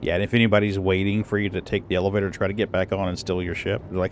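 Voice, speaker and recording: Low-voiced laid-back gaming streamer man. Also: level tone, racing, a little hiss or hum. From North Dakota. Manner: laid-back, swears casually. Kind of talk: casual gaming chat.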